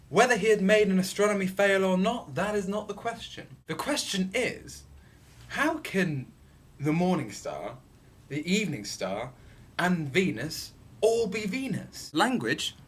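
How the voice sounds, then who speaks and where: A man's voice: fairly high pitch, fairly bright tone, slight background noise. A young man casually explaining a philosophy idea on his vlog, playful and rambling, repeating words for effect.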